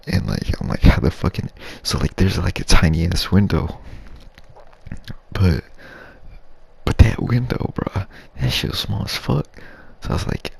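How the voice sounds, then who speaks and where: A young man telling a crude, rambling ASMR story in slangy street talk, half whispered. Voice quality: low gravelly breathy voice. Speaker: YouTube storyteller.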